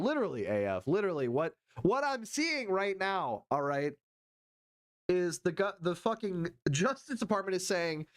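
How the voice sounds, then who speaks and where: A man live-streaming, reading news haltingly and riffing profanely with his chat. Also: fairly high pitch, very animated, dry recording, studio quality. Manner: profane, reads chat aloud and riffs; reads news text haltingly with fillers.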